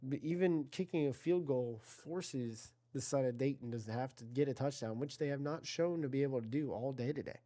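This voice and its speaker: A man's voice: medium pitch, normal speed, hardly any pauses, dark tone. A man giving casual play-by-play commentary on an online video game football league, chatty and self-correcting, talking to his chat and rising on big plays.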